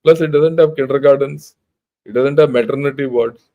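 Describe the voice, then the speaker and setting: With a medium-pitched voice at normal speed, an older Indian English-accented man talks informally over narrow, tinny audio. He's a retired general and channel host reading out news, blunt and emphatic, frequently restarting as he chats.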